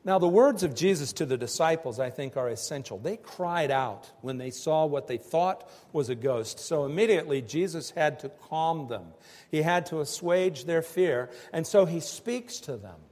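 A man preaching a sermon in slow, emphatic phrases that swell and drop with pauses between them. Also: on the high side, expressive, a little mellow, big-room sound. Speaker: pastor.

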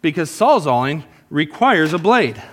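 A man's voice: fairly high pitch, unhurried. A male pastor preaching a sermon at a church service, telling a long illustration with acted-out quotes. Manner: animated storytelling with acted-out quotes.

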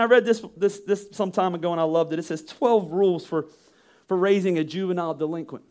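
High-voiced emphatic male preacher. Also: a little fast, darkish tone, clean tone. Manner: emphatic, rhetorical, acts out quoted voices. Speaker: pastor. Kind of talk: sermon.

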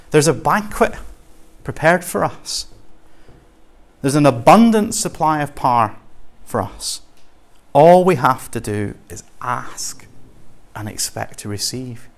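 A man's voice: mid-range voice, lively intonation, measured pace. A man with a Scottish accent preaching a sermon in an earnest, conversational way, using homely examples.

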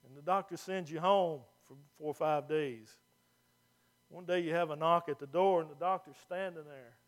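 A man preaching a sermon as pastor, folksy and plain-spoken, moving from quiet asides to loud emphatic points. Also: fairly high pitch, moderate pace.

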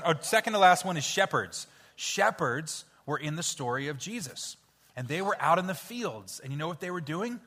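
A man leading an interactive children's Bible story in church, playful and coaxing as he cues the kids to shout sound effects. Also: on the high side, a little hiss or hum. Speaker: children's pastor. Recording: hall reverb with faint music.

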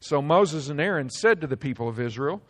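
Man preaching with dramatic hushed drops. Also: a little high, expressive, fairly quick. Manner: preaching with dramatic swings between loud emphasis and hushed drops. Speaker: pastor. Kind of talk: sermon.

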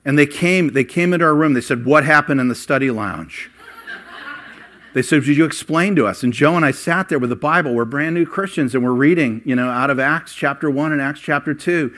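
An older man preaching a sermon, voice rising for emphasis and dropping low while he tells personal stories. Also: a little fast, fairly bright tone. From Ohio. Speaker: pastor.

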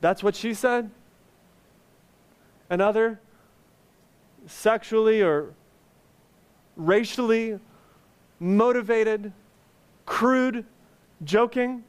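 A man's voice: sits high, extremely slow, pauses often, clean tone. A male pastor preaching a sermon, earnest and conversational with touches of humor.

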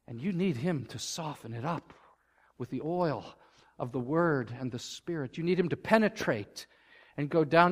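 A male pastor delivers a sermon to his congregation, earnest and at times fervent. His voice sits high for a man. The church hall around him rings with a long reverb. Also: normal speed. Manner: earnest, rising to fervent emphasis. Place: church sanctuary.

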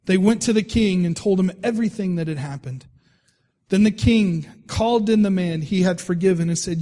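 A man's voice: fairly high pitch, normal speed, dark tone, big-room sound. A male pastor preaching a sermon in a conversational way, reading scripture aloud and often repeating his words.

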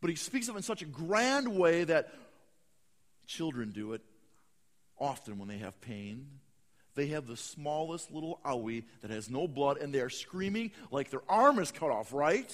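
Animated preacher man in a reverberant hall. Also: fairly high pitch, normal speed. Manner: dramatic swings from hushed to shouting. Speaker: pastor. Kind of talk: sermon.

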